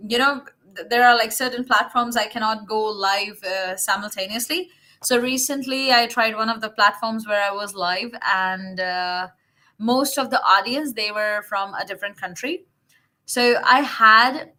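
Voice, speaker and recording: A woman's voice: fairly high pitch, bright, forceful tone. A woman hosting a casual livestream English lesson, coaching her viewers in an encouraging, chatty way, with fillers and self-corrections. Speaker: English teacher, livestream host.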